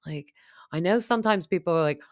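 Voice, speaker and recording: A woman's voice: lowish voice, fairly quick, no echo, studio quality. A woman hosting a casual reality TV recap, gossipy and opinionated, with plenty of fillers. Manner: chatty, lots of fillers like "like" and "um".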